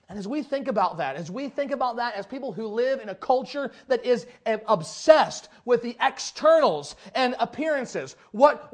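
A male preacher with a notably high voice delivers a sermon in a lively, chatty manner. He jumps from loud emphatic bursts to quiet, hushed asides. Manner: animated, conversational, swings from loud to hushed.

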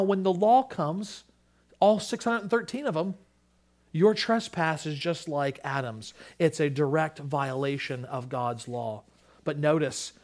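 Fervent male preacher, hushed to booming. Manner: swings from hushed to loud preaching. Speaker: pastor. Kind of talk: sermon with closing prayer.

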